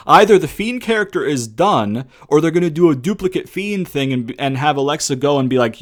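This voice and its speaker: A young man delivers a heated, profanity-laced review in a casual ranting tone. His voice sits at an ordinary middle pitch. He peppers his talk with rhetorical questions and addresses the listener as "brother.". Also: lively intonation, moderate pace. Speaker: wrestling reviewer.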